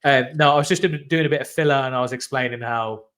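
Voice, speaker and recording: Guy hosting a football podcast, talks in long excited run-on bursts over a video call. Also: mid-range voice, fast. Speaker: podcast host. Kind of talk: casual football chat.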